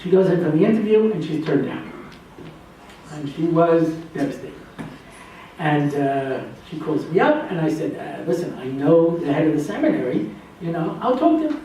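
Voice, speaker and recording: Animated storytelling rabbi in an echoey hall. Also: male voice, moderate pace, distant mic. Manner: animated anecdotal storytelling, acting out dialogue with pitch jumps. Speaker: rabbi and lecturer. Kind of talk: storytelling talk to students. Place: lecture hall with laughing audience. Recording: echoey hall, voice from afar, faint noise. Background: audience laughter.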